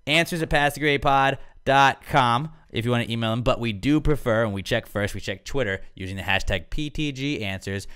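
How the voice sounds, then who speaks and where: A man's voice: medium pitch, fairly quick, hardly any pauses, a bit bright, clean tone. A man hosting a podcast, reading listener questions and joking around in casual chat. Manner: joking, upbeat banter. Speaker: podcast host.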